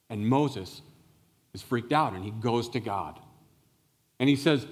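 A male pastor preaching a sermon, telling a Bible story with animated explanation and questions to the listeners. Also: medium pitch, takes it slowly, pauses often. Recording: long reverb of a large hall.

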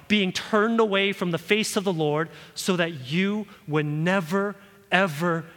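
A man preaching a sermon in a church hall, earnest and pleading, his voice swelling louder at key points. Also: on the high side. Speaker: pastor.

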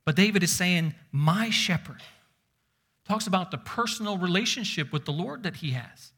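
A man's voice: high-pitched, lively intonation, fairly quick, fairly bright tone, slightly rough. A man preaching a sermon as pastor, emphatic and stressing single words, reading scripture aloud with rising force.

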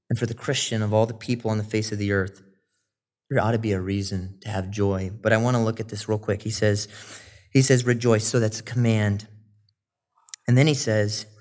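A man preaching a sermon, animated and rising loud on emphasis, with quoted asides. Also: lowish voice. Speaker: pastor.

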